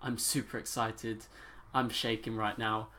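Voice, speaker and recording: A man's voice: lowish voice, flat delivery, unhurried, sharp tone. A seventeen-year-old man reacting on his channel, gushing and overexcited, talking in a breathless rush. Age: teenager, 17. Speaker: YouTuber. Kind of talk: excited reaction vlog.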